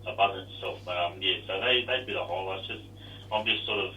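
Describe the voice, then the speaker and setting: A man's voice: low voice, a little fast, sharp tone, roomy sound, distant mic, a little hiss or hum, rough recording. A man, a former rugby league player, chatting casually with rambling restarts and self-deprecating humor. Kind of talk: casual interview chat.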